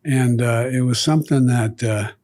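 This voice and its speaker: An older man, a guest, recalling childhood stories in a relaxed conversation, often dropping to a low murmur. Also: normal speed. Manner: reflective anecdotes, trailing to a low murmur. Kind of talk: storytelling in conversation.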